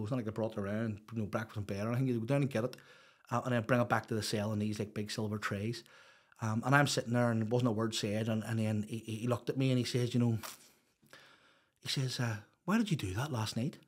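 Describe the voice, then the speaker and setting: A middle-aged Northern Irish man tells his stories in a loose, rambling way. He is blunt, swears freely and fills his talk with fillers. His voice sits at an ordinary middle pitch. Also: darkish tone. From Northern Ireland. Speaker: guest. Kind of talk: casual storytelling chat.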